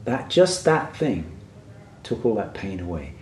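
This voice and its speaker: A man's voice: lowish voice, sing-song, unhurried, roomy sound, a little hiss or hum. A man who works as a workshop facilitator tells a personal story in an earnest, reflective way and often checks in with "right?".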